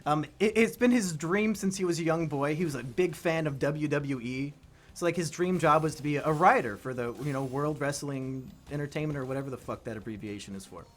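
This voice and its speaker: A man chatting casually with a friend while they play a video game, an animated storyteller who bursts into shouted impressions and laughter. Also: fairly high pitch, a little fast. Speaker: let's play co-host.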